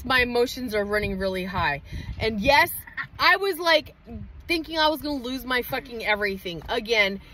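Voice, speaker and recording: A mother livestreaming from inside her parked truck, venting in a heated, profane rant with quick outbursts. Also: on the high side, bright, forceful tone, poor audio. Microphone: phone livestream.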